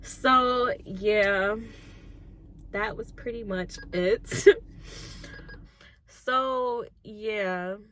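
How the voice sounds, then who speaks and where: A young woman in her twenties telling her life story in an emotional vlog, soft-spoken and on the edge of tears, with many "like"s. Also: medium pitch, drawn-out words, long pauses. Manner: soft-spoken, filler-heavy, tearful at times. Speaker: YouTuber and lash tech.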